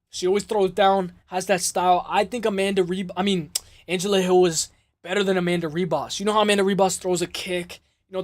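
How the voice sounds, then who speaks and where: A man's voice: high-pitched, dry recording. A man hosting a casual live stream about fights, talking loosely, swearing and reading the chat aloud. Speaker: host of a live MMA stream.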